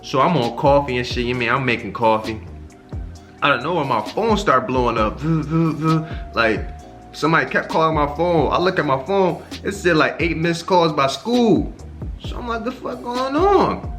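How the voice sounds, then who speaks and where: A young man vlogging a casual storytime, animated and full of slang and swearing, his pitch leaping up whenever he acts out his own reactions. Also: normal speed, faint music behind. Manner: animated, profane slang-heavy storytelling with sharp jumps in pitch on quoted reactions.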